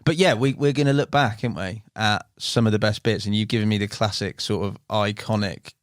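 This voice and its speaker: A man's voice: on the low side, steady tone, brisk, dry recording, clean studio sound. A man hosting a podcast, chatting casually and bantering with his co-hosts. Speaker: podcast host. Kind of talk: casual chat.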